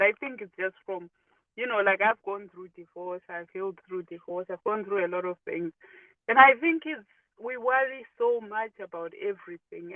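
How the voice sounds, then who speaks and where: A woman's voice: medium pitch, dry recording. A woman calling into a live audio chat to share earnest personal reflections, often saying "you know" and "I think". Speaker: caller. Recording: tinny phone line, distant from mic.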